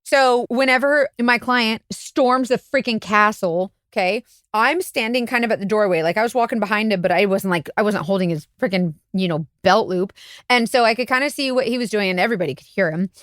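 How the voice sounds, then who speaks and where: A woman's voice: fairly quick, dry recording, clean studio sound. A woman, a private investigator co-hosting a podcast, telling a story in casual chat and acting out the quotes with big jumps in voice. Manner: animated, acts out quotes with big pitch jumps.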